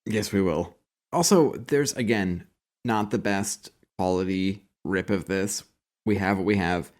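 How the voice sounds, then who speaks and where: A man's voice: deep voice, a little slow. A man co-hosting a podcast in casual chat, dropping dry, wry asides. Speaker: podcast co-host.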